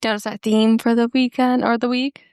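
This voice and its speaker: A woman's voice: on the high side, little pitch movement, moderate pace, darkish tone, clean tone, dry recording, studio quality. A young adult woman co-hosting a podcast, chatting casually, reading posts aloud and quoting people in playful voices. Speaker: podcast co-host.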